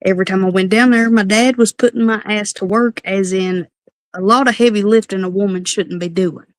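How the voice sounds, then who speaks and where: A woman with a mid-pitched voice speaks candidly as a livestream guest, opening up in a plain, confiding way. The sound is close and dry. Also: fairly even intonation, a little fast, dry recording. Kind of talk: casual chat on a livestream.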